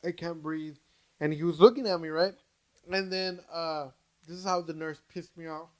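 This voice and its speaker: A young adult man, a podcast co-host, in loose casual storytelling. His voice sits a touch high for a man, and he keeps swearing, stalling on "uh" and restarting his sentences. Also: normal speed. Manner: animated, swears freely, many restarts and fillers.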